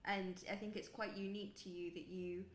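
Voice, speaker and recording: A woman's voice: mid-range voice, flat delivery, a little fast. A woman co-hosting an interview podcast, speaking in a reflective, thoughtful way. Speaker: podcast co-host. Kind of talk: casual interview chat. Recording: roomy echo with faint background noise.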